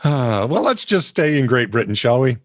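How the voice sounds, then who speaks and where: A man co-hosts a comedy news podcast and reads out odd stories with a wry edge. His pitch moves around a lot as he talks. The mic is close and dry. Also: very animated, normal speed, no echo. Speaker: podcast co-host. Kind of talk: casual comedic news chat.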